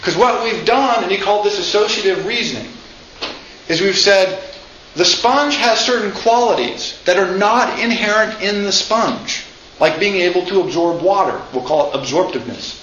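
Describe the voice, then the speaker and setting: A man's voice: high-pitched, normal speed, fairly bright tone. A man giving an informal lecture, chatty, often asking "right?" and acting out quotes. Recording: echoey room, slightly dull sound, faint noise.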